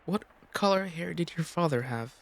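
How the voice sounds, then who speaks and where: A man's voice: fairly high pitch, lively intonation, moderate pace, vocal fry, pitched above the performer's own voice. A man voicing an anxious young noble girl. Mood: probing. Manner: anxious, self-scolding. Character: frightened fourteen-year-old noble girl.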